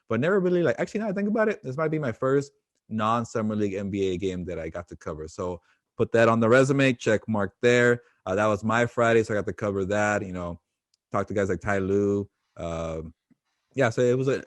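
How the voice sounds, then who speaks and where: A man's voice: fairly low pitch, no echo. A man co-hosting a casual sports podcast who jokes dryly and teases his partner, recorded on a close podcast mic. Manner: teasing, dry humor, self-deprecating. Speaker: podcast co-host and sports reporter.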